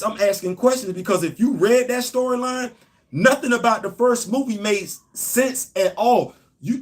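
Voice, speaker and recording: A man hosting a casual livestream, talking straight to viewers and hammering his points with repetition. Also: high-pitched. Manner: emphatic, repeats points, addresses viewers directly. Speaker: host.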